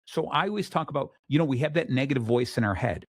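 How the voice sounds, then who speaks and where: Energetic male show host. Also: mid-range voice, quick pace, husky, no room sound, clean studio sound. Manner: energetic storytelling, many restarts. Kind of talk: casual chat.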